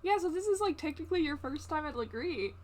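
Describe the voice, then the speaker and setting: A woman narrating as game master of a tabletop role-play, halting with many fillers and restarts. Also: high-pitched, lively intonation.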